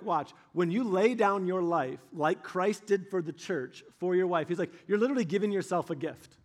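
Middle-aged male pastor, earnest, storytelling sermon, voice a touch high. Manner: earnest, storytelling, reads scripture slowly. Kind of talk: sermon with scripture reading.

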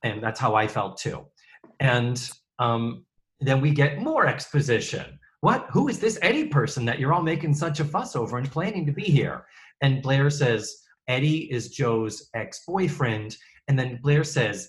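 A man co-hosting a casual chat, recapping an old sitcom with sarcastic, swearing asides and quoted lines. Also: mid-range voice. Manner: sarcastic, animated storytelling with mock quotes. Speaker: podcast co-host recapping a sitcom.

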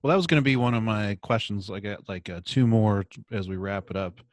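A man's voice: fairly low pitch, fairly quick, no echo, studio quality. A man in his forties hosting a podcast, asking loose questions in an easygoing way and laughing along. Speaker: podcast host. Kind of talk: casual interview chat.

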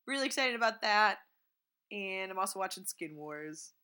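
A woman co-hosting a podcast in casual chat, animated and talkative, acting out quotes in silly voices. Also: mid-range voice, normal speed, clear, resonant tone. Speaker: podcast co-host.

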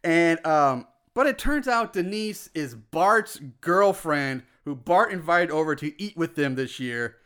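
A man with a high-pitched voice recaps a movie in a relaxed podcast chat. He tells it animatedly, slipping into the characters' lines and breaking into laughter along the way. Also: unhurried, few pauses, smooth. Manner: animated storytelling, acts out lines and laughs often. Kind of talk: casual chat.

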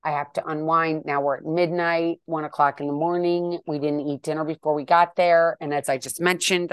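A woman in her fifties telling a story to her viewers in a chatty, animated way, with exasperated asides. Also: deep voice, no echo, clean studio sound. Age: 50s. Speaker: vlogger and wellness coach.

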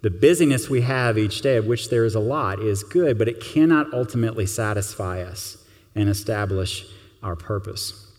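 Low-voiced pastor preaching in an echoing hall. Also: male voice, expressive, moderate pace, a little mellow. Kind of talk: sermon.

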